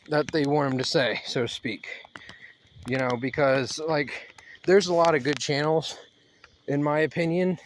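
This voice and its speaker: A man's voice: a little high, a little hiss or hum. Breathless worked-up man rambling while walking. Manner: worked-up, rambling, halting with many fillers. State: slightly out of breath from fast walking. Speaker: channel host. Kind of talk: rambling monologue vlog. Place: outdoors, walking.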